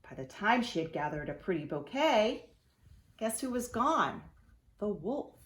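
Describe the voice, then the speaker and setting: A woman's voice: medium pitch, a little slow, roomy sound. A woman preschool teacher reading a storybook aloud to young children, inviting them to join in. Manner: animated, asks children to join in.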